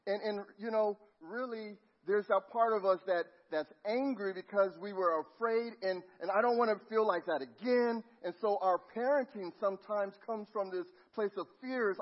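Storytelling male preacher, slightly high voice. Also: normal speed, hardly any pauses. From Los Angeles. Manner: storytelling, dropping to a near hush at tender moments. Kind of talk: sermon. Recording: muffled lo-fi sound.

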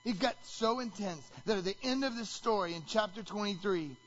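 Male pastor, high lively voice, preaching with bursts of shouting; dull lo-fi sound. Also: a little fast. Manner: animated, shouts when acting out quotes. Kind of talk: sermon.

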